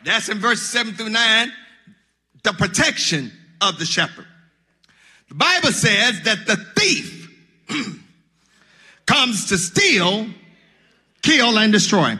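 High, bright-voiced preacher man. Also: big pitch swings, slow pace, pauses often, slightly rough. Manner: preaching call-and-response, rising into sung shouts. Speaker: pastor. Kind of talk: sermon.

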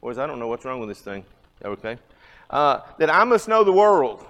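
A man's voice: mid-range voice, very animated, normal speed, fairly bright tone, lo-fi sound. A man in his fifties teaching a church Bible class in a conversational way, asking the audience questions. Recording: long hall reverb.

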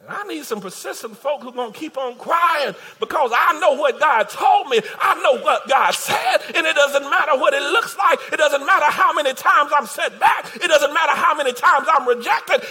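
A man's voice: very high voice, moderate pace, few pauses, pushed and bright, shouting, some chatter behind, a little hiss or hum. A man preaching a sermon, building his points through repeated phrases and calling out to the congregation.

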